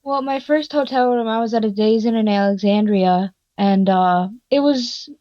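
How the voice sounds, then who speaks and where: A woman at a mid pitch tells a story in casual podcast chat, animated and quick to swear. The sound is dull and lo-fi. The room is very dry. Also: no room sound. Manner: animated, swears freely, laughs while telling. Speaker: podcast guest.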